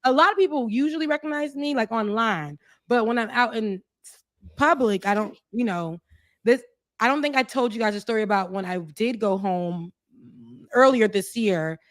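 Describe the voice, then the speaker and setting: A woman's voice: fairly high pitch, moderate pace, dry recording, studio quality. A woman co-host telling stories in casual chat, with laughs and quoted voices. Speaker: show co-host.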